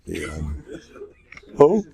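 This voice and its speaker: A man's voice: sits low, wildly swooping pitch, very slow, creaky, warm tone. An older man with American English touched by Yiddish phrasing, giving a chatty, joking Torah class that mixes in Yiddish and Hebrew phrases. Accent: American English with Yiddish-inflected phrasing. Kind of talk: informal Torah lecture.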